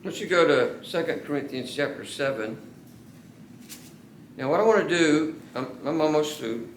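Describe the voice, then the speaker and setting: A man's voice: fairly high pitch, lively intonation. Guy preaching in a church, earnest, stretches out the big words, roomy echo, faint hum behind. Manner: earnest, drawn-out emphasis on key words. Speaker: pastor. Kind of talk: sermon. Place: church sanctuary. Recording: echoey church room.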